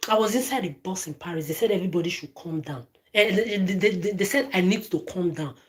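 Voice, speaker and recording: A woman's voice: fairly low pitch, fast. A woman ranting straight at her phone camera, swearing often, stammering and repeating words and phrases. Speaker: vlogger. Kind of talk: angry direct-to-camera rant.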